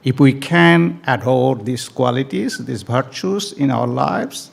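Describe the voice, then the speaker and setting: A man's voice: mid-range voice, animated, slow, creaky. A man giving an emphatic speech to an audience at a community event, repeating key phrases and stretching words for stress. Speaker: speaker at a family day event. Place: event hall.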